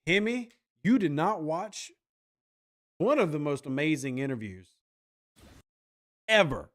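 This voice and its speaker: Brief: animated male podcast host, slightly high voice, sarcastic banter. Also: a little slow. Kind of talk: casual chat reacting to viewer comments.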